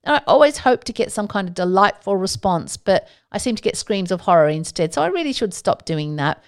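Lively low-voiced woman podcast host. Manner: playful, jokey asides and self-mocking humour. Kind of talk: solo podcast monologue.

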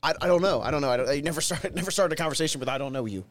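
A man's voice: fairly high pitch, rapid-fire, no echo. A man co-hosting a podcast in casual chat, blunt and swearing. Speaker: podcast co-host.

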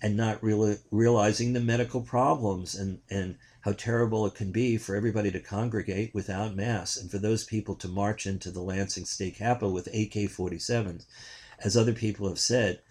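A man's voice: fairly low pitch, steady tone, fairly quick, darkish tone, slightly rough. An older man, a journalist, giving indignant political commentary in a rambling way, with frequent restarts.

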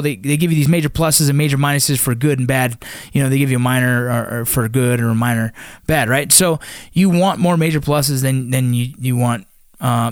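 A man's voice: mid-range voice, no room sound, clean studio sound. A young man, a former Army Ranger, casually telling rambling, profane stories from his training. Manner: profane, rambling, frequent restarts. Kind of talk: casual war storytelling.

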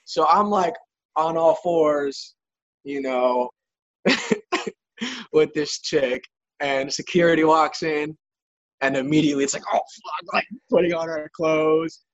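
A man's voice: fairly high pitch, slow, pauses often, a bit bright, highs cut off. A young man, a touring musician, telling a rambling story in casual chat, with profane words and lots of filler.

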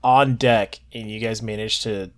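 A man's voice: on the low side, steady tone, a little slow, smooth. A man co-hosting a casual podcast, joking and reading items aloud in a mock-promotional way. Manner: joking, reads product details in a mock-promo way. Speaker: podcast co-host. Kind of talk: casual chat.

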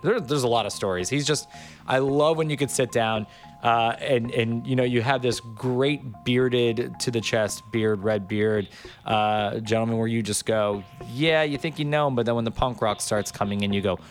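A man from Miami Beach hosting a podcast, talking in a loose, rambling, joking way with lots of fillers. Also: mid-range voice. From Miami Beach, Florida. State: a bit under the weather. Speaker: podcast host. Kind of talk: casual podcast chat.

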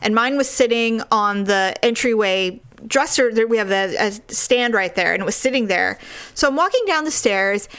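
Bright, animated woman telling a story. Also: normal speed, clear, resonant tone. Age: 40s. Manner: animated, laughs often, acts out quoted lines in a high voice. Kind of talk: casual storytelling chat.

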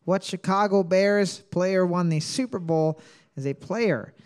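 Quiz host, male, high voice; reads questions twice, jokes and laughs between them. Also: a little slow, a little mellow, clear, resonant tone. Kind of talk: joking trivia quiz banter.

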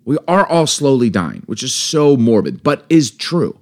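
A man's voice: mid-range voice, big pitch swings, unhurried, darkish tone. A man in his forties co-hosting a casual chat, telling stories animatedly and acting out the voices in them. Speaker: podcast co-host.

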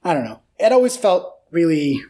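An American podcast host in casual football chat, talking fast and ranting, swearing freely and filling speech with "like". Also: mid-range voice, big pitch swings, mellow.

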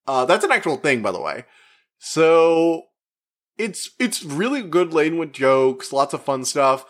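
A man giving a casual, rambling spoken movie review, chatty and full of fillers, who acts out the characters' lines in quick put-on voices. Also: a little high, sing-song. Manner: rambling, with frequent fillers and restarts. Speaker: media reviewer.

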